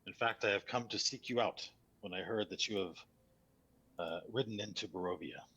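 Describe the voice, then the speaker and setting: A man voicing a formal, measured cleric from a distant land. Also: on the low side, bright, forceful tone, breathy edge, dull audio, full character voice. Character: grave middle-aged male cleric, formal and measured.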